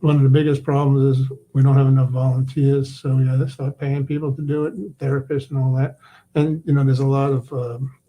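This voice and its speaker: A man guest on a talk show, talking casually with a relaxed, halting manner. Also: medium pitch. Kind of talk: casual chat.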